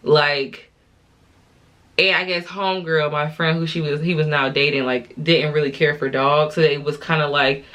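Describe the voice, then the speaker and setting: The recording is muffled, and the woman's deep, slightly bright voice barely moves in pitch as she talks at a moderate pace. She's in her twenties and a little drunk, telling an exasperated, slangy story to viewers while applying makeup.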